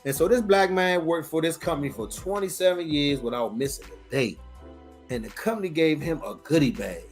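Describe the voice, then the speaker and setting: A man's voice: fairly high pitch, fairly quick, soft background music. A man in his forties hosting a podcast, talking casually with a profane, exasperated manner. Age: 40s. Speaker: podcast host.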